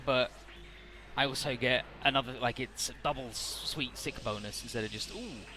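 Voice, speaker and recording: A man's voice: mid-range voice, fairly even intonation, moderate pace, pushed and bright, slight background noise. A man giving rambling, casual gameplay commentary, paraphrasing the characters and swearing freely. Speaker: let's play commentator.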